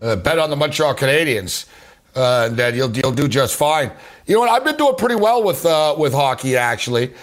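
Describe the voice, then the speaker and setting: A man's voice: medium pitch, lively intonation, moderate pace. Rambling sports betting host, a man. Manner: rambling, repeats words, says "you know" a lot. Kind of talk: casual sports betting talk.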